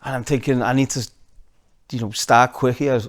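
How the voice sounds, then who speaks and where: Soft-spoken Scouse man, hesitant. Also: medium pitch, fairly even intonation, moderate pace. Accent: Liverpool. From Liverpool, England. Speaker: podcast guest. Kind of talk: casual interview chat.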